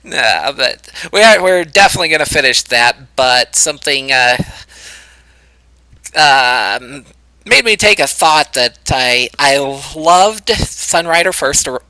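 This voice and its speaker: A man's voice: a little high, lively intonation, slow, pushed and bright, dry recording, low-quality recording. A man hosting a let's play, chatting casually and rambling with an easy laugh. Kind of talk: casual gameplay chat.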